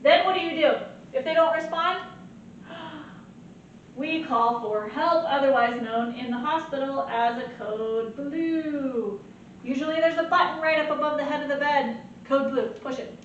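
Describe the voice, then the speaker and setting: A woman teaching a nursing lecture in an animated way, often checking in with "right?". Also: high-pitched, measured pace, slight background noise. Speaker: nursing instructor. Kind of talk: recorded lecture. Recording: very echoey, distant, muffled.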